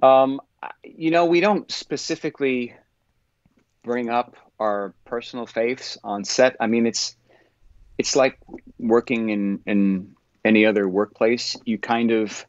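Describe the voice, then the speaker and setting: An actor appearing as an interview guest answers thoughtfully and earnestly, frequently pausing to search for words. His pitch is medium, and the dull, lo-fi recording has no echo.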